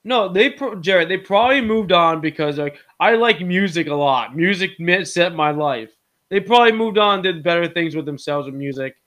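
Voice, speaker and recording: Man, high-pitched, casual movie chat, rambling, frequent laughter, swearing. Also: animated, moderate pace, a bit bright.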